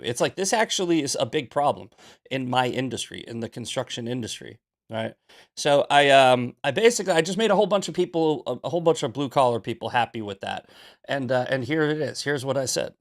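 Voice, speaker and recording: A man hosting a casual talk show, rambling and animated as he acts out his own arguments. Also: mid-range voice, brisk. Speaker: host.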